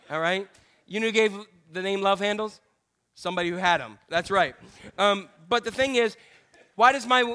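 A middle-aged male pastor preaching a candid, self-deprecating sermon full of jokey asides and sudden high exclamations. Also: pushed and bright. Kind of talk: humorous conversational sermon.

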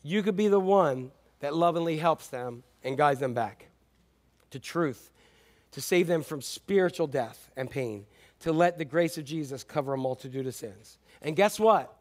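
Male pastor, sermon, animated, raised then hushed, fairly high voice. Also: normal speed. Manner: animated, swings from loud to hushed.

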